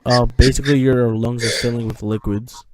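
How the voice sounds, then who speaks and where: A man's voice: mid-range voice, fairly even intonation, moderate pace. A teenage boy telling a long personal story in casual chat, rambling with lots of restarts and fillers, recorded at home. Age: teens. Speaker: podcast co-host.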